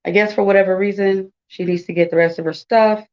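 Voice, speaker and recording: Woman in her forties, commentary host; blunt, indignant, mid-pitched, slightly dull home recording. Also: fairly even intonation, fairly quick, darkish tone. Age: 40s. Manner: blunt, indignant, talks straight to viewers with many asides. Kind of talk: casual commentary.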